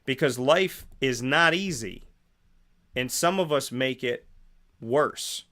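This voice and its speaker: A man's voice: medium pitch, lively intonation, slow, fairly bright tone. A male host giving a preachy motivational morning monologue, asking rhetorical questions and repeating phrases for emphasis. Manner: acts out both sides of imagined conversations.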